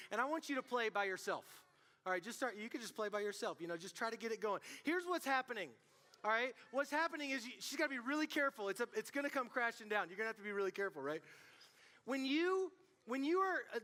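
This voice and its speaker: A man preaching to a student group as youth pastor, telling stories in an animated way and calling out to the room. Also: very high-pitched. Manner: animated storytelling, calls out to the audience. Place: church hall. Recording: long hall reverb.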